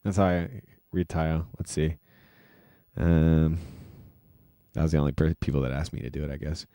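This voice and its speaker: A man's voice: rumbling low, steady tone, moderate pace, warm tone, no room sound, studio quality. A man hosting a casual livestream, rambling loosely with lots of fillers and self-deprecating asides. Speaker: livestream host and music producer.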